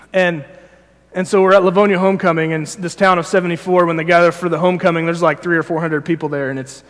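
A young man with a high voice preaches a casual sermon, telling stories with lots of halting restarts and growing animated. His voice rings out with a long reverb in a church hall. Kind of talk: informal sermon with personal story. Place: church sanctuary.

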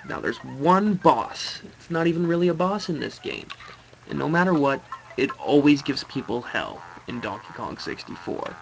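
Gravelly, animated man ranting over gameplay. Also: medium pitch, moderate pace, a little hiss or hum, low-quality recording. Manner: swears and rants at the game. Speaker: let's play host. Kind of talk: gameplay commentary. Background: game music.

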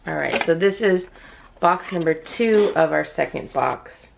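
Low gravelly woman chatting through an unboxing. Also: a little slow, slight background noise. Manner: chatty, talks straight to viewers, bursts into squealing excitement. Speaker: unboxing vlogger. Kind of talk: casual unboxing commentary. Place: at home indoors with others asleep.

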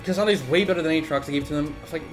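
A man's voice: a little high, rapid-fire, music in the background. A young man making a gaming video, ranting in an agitated, profane way. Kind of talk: profane live-reaction rant.

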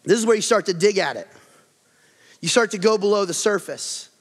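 A man preaching a sermon as pastor, animated, acting out everyday quarrels with a rising voice. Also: sits high, brisk. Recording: long hall reverb.

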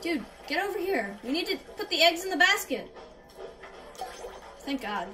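High-voiced woman yelling through gameplay. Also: very animated, normal speed, pauses often, distant mic, poor audio. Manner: reactive, exclamatory, laughs at herself. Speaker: gaming YouTuber. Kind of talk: gameplay commentary. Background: game music.

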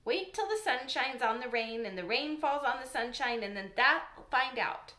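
A grumbling old gardener, blunt and cross, barks out his plain country words, as a woman reads him. His voice sits fairly high and rings in a roomy space. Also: expressive, normal speed. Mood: grudging. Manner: loud, blunt country speech. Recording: roomy echo.

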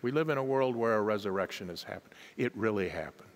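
A man's voice: on the low side, fast talker. A man preaching a sermon as a guest pastor in a large church, emphatic, chuckling at his own asides and calling on the congregation to answer. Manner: emphatic, calls on the congregation to respond. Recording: long hall reverb in a church.

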